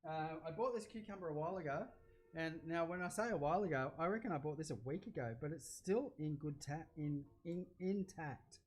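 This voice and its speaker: A middle-aged Australian man hosting a casual cooking livestream, chatting in a rambling way and getting loud when he is excited. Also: a little high, fairly quick.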